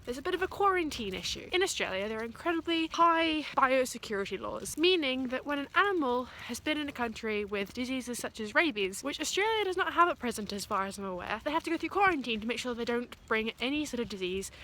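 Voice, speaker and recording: A woman's voice: high voice, expressive, fast, few pauses, bright, forceful tone, rough recording. A young woman who grew up in China, explaining things in a playful mock chat-show style while walking outdoors. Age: young adult. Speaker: vlogger. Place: outdoors on country land.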